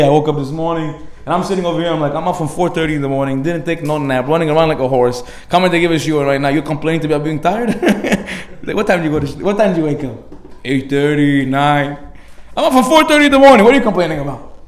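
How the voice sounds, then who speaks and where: A man, a rabbi, giving an energetic, animated Torah class with acted-out anecdotes, sprinkling in Hebrew words and slang. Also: on the high side, reverberant. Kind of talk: lively sermon with acted anecdotes. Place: synagogue hall.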